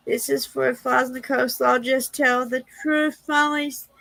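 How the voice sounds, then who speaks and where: A woman's voice: sits high, fairly even intonation, moderate pace, gravelly, few pauses, a bit bright, no room sound, poor audio. A woman hosting a casual livestream, reading prayers and speaking tenderly and emotionally. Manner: tender, emotional, laughs easily.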